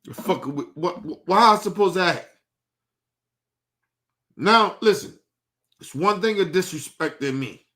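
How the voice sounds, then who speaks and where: A young man with a high-pitched voice rants on a livestream. He talks heatedly and profanely and circles back to the same complaints. His tone is bright and cutting. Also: animated, unhurried, long pauses. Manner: heated, profane, repetitive ranting. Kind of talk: livestream rant.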